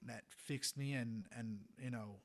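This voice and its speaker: A young adult man, a trumpet player, telling a story as a podcast guest in a rambling, animated way, laughing often and filling with "you know". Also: medium pitch, a little slow, vocal fry. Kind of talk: casual storytelling in a podcast interview.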